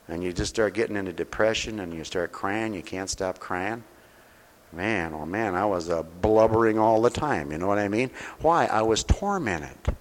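Folksy man preaching in an echoing hall. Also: medium pitch. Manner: folksy, talks directly to listeners with questions; swings between loud preaching and soft intimate talk. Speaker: preacher at a mission. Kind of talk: sermon. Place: mission hall.

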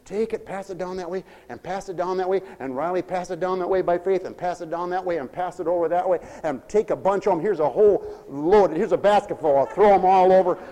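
Fervent high-voiced preacher in a big hall. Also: male voice. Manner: swings from quiet asides to fervent shouting, drawn-out proclamations. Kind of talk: sermon. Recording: long reverb of a large hall.

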